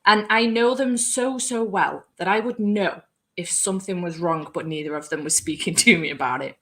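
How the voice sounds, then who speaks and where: Woman host, bright, tense voice, animated, laughs often, casual chat. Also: lowish voice, normal speed. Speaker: booktube host.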